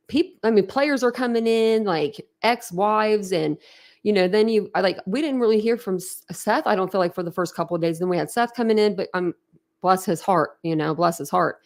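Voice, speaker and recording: A woman's voice: mid-range voice, moderate pace. A young woman hosting a true crime channel who chats casually with her livestream viewers. She is emotional and talkative, laughs often, and trails off and restarts her sentences. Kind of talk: casual livestream chat, reacting to viewer comments.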